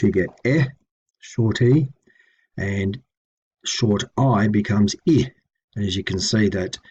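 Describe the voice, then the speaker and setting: Husky-voiced man teaching old grammar. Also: lowish voice, darkish tone. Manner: patient, methodical, with frequent ums and self-corrections. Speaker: language teacher. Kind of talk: explanatory lecture.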